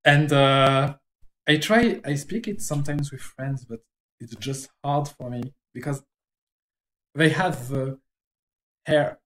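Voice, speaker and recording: In a mid-range voice and a French accent, a native French speaker draws during a stream and chats casually in halting English, regularly breaking off to search for words.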